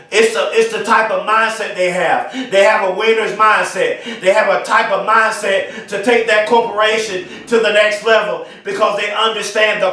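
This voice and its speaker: A man giving an emphatic motivational speech, repeating slogans and often shouting them. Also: sits high. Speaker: motivational speaker. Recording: very echoey, from far off the mic.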